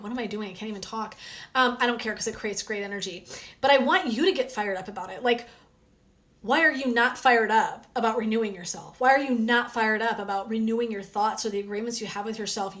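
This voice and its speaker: A woman wellness coach chatting energetically on a phone live stream, with a sore throat from talking. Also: mid-range voice. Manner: chatty and energetic, frequent "um" and "right?". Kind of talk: casual live stream chat.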